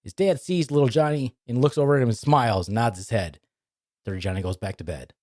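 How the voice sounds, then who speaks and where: A man co-hosting a comedy podcast and telling jokes, with a teasing, deadpan manner. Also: mid-range voice, quick pace, no room sound, clean studio sound. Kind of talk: casual comedy podcast banter.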